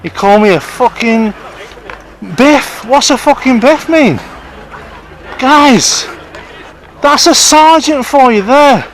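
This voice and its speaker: A man confronts officers while he films them outdoors near a station on a handheld phone. His voice sits fairly high, and he argues in a repetitive, indignant way. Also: slow pace, long pauses, a faint crowd, slight background noise, poor audio. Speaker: street filmer live-streaming police. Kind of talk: confrontational street filming. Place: outdoors on a town street by a railway station.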